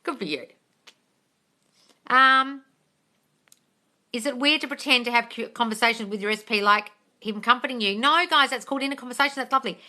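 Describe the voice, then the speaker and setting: Woman hosting a live chat, blunt and swears a lot, calls everyone darling, bright sharp voice. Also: a little high, quick pace, few pauses. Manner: swings between soft coaxing and excited squeals. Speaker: live-stream host answering viewer questions.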